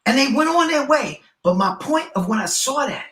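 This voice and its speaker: A man telling a story as a guest educator, acting out the people in it with loud bursts. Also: very high-pitched, lively intonation, normal speed, echoey room. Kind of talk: storytelling in a podcast conversation.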